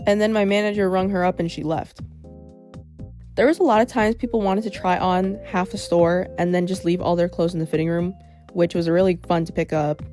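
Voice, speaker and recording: A woman's voice: fairly low pitch, steady tone, fairly quick, warm tone. A young woman narrating a storytime vlog in a wry, sarcastic way. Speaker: vlogger. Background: faint background music.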